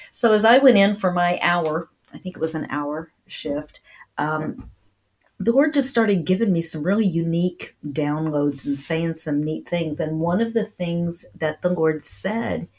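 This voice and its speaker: A woman preaches with a low, husky voice. She speaks earnestly, often doubling a word as she drives a point home. The delivery is that of a sermon. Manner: earnest, repeats words when stressing points. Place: speaking to a remote audience.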